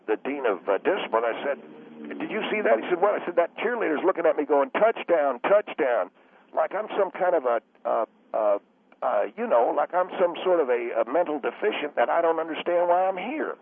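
A man doing an indignant, gravelly old coach. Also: a little high, full character voice. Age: middle-aged. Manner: ranting, indignant, easily offended. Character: aggrieved veteran high school football coach. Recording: tinny phone-line radio sound.

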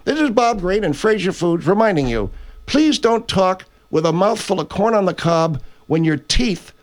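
Brief: man playing a blustery, rambling grocery magnate on his own radio show, higher-pitched voice, improv comedy. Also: big pitch swings, normal speed. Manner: blustery, rambling, self-correcting. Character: brash older male grocery chain owner hosting a radio show. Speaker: radio host character.

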